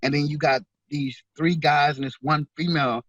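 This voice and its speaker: A man's voice: a little high, steady tone, moderate pace, a bit bright, no echo, muffled recording. A man giving an interview, talking in an earnest, heartfelt way and often repeating words as he speaks. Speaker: author and veterans charity organizer. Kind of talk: interview guest.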